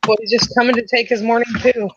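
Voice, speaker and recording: Woman chiming in on a chat show, dry jokey lines, slightly high voice, lo-fi. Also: little pitch movement, fast, background noise. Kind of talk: casual chat. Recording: dull lo-fi audio.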